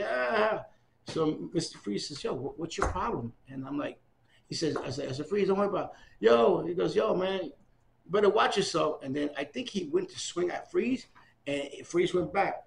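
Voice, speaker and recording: An older man from New York City tells stories in an oral history interview, animatedly acting out the voices of people he quotes. His voice is on the high side and gravelly, with slight background noise.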